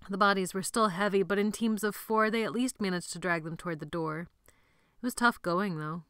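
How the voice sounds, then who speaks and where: A woman narrating an audiobook chapter in steady, measured storytelling. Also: medium pitch, clear, resonant tone, dry recording, clean studio sound.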